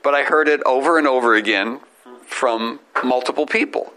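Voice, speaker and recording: Bright-voiced rambling comedian man. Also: mid-range voice, poor audio. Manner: rambling storyteller, quick self-corrections. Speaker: comedian and podcast host. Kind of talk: casual family podcast chat.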